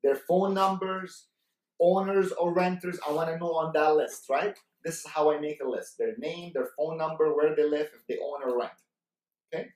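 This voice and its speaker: A man's voice: a little high, steady tone, normal speed, darkish tone. Man coaching a sales class in an echoey room. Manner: coaching, repeats key points, keeps checking with "right?". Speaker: sales trainer. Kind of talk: sales training talk. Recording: roomy echo, mic far off.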